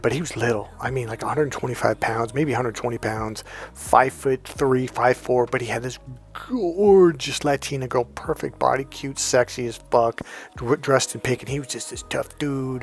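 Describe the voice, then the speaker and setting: A man's voice: medium pitch, breathy edge. A man working as a dating coach, telling a personal story as advice in a profane, emphatic way. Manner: profane, emphatic, repeats "here's the deal".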